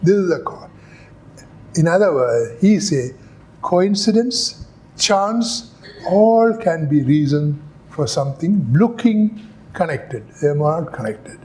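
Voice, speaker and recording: Speaking slowly and animatedly, this older epidemiology lecturer from India tells stories in class, acting out dialogue and throwing out rhetorical questions. His voice sits a little high and has a darkish tone.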